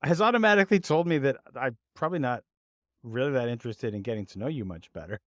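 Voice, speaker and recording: Male podcast co-host, animated delivery, self-deprecating and chatty, dry studio sound. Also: medium pitch, quick pace, dry recording. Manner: laughs often, many restarts, self-deprecating. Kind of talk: casual podcast chat.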